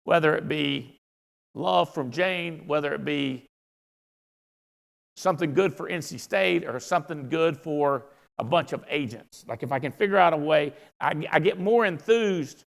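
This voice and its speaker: A man giving a folksy, excitable motivational speech to his team at a convention. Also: on the high side, normal speed, gravelly, hardly any pauses. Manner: folksy, excitable, rambling storyteller. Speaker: company founder speaking at a convention. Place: large convention hall. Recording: live hall reverb.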